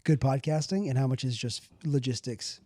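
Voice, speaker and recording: A young man hosting a podcast, chatting casually and reacting with quick, easygoing replies. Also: medium pitch, warm tone, no room sound, clean studio sound. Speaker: podcast host.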